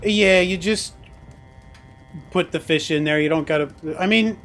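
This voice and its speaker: High-voiced chatty male streamer. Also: a little slow, fairly bright tone, slight background noise. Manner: chatty, laughs often, swears casually. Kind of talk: casual chat while gaming.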